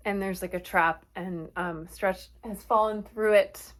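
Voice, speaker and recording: A woman's voice: medium pitch, fairly even intonation, measured pace, fairly bright tone. A woman casually recapping a horror movie from memory, rambling and correcting herself with chatty asides.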